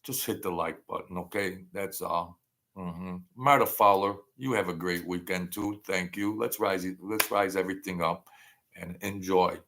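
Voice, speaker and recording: A man's voice: low-pitched, steady tone, a little slow, noisy background. A man hosting a casual livestream, rambling and thanking viewers by name as he reads their comments. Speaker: channel host.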